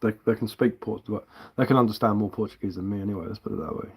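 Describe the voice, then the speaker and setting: A man's voice: on the low side, steady tone, quick pace, breathy edge. Rambling, sweary man. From England. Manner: rambling, swears freely, laughs often, frequent restarts. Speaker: live-streamer. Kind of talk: casual live-stream chat.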